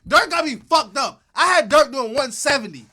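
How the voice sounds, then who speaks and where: Man, co-host, very high pitch, bright and sharp, brash mocking rants. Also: animated, moderate pace. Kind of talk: casual livestream chat.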